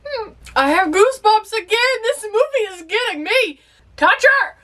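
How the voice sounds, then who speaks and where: A young woman giving excitable, emotional first-time commentary on a movie as she watches, talking back to the screen. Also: very high voice, moderate pace. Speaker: movie reaction host.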